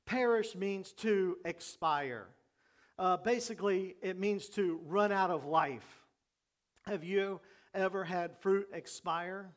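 A man's voice: sits high, takes it slowly. A man pastor preaching a sermon in a conversational way, asking the congregation questions and joking along the way.

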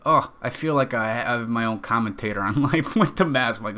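Bright-voiced young man rambling on a podcast. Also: mid-range voice, brisk. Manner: rambling, profane, joking. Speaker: podcast host. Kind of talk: casual solo podcast monologue.

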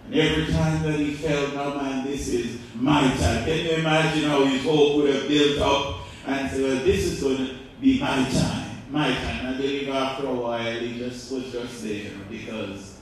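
A male pastor preaching a sermon, asking the congregation rhetorical questions and swinging between loud and quiet. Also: mid-range voice, steady tone, moderate pace, few pauses, slight background noise. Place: church. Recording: echoey church hall, mic far off.

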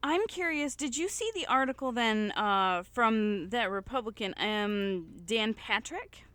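A woman's voice: a little high, animated, a little slow, a bit bright, no echo. A woman in casual chat, blunt and angry and swearing hard.

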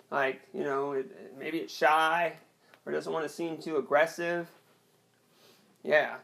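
Slow, gravelly young man doing hesitant stand-up. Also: on the high side. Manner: hesitant, rambling, deadpan delivery with many restarts. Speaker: stand-up comedian. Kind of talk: awkward self-deprecating stand-up set.

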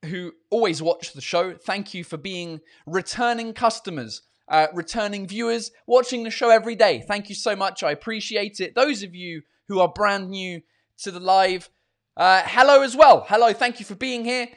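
A man with a high voice hosts a casual live-stream beer-drinking chat show from home. At a normal speed, he talks loosely and ramblingly, swearing freely.

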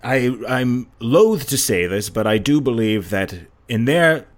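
A man's voice: medium pitch, big pitch swings, measured pace. A man doing a pompous theatre director. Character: pompous male theatre director, fussy and grand. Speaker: guest. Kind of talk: improvised radio comedy.

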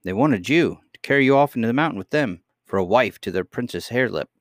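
A man's voice: medium pitch, lively intonation, quick pace, no room sound, studio quality, natural voice. A man voicing an earnest, impulsive young miner boy in a read-aloud storybook.

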